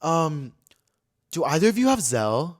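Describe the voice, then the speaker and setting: A man's voice: on the high side, big pitch swings, normal speed. A man hosting a podcast, telling a rambling, gossipy story in casual chat and filling it with "like". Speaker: podcast host.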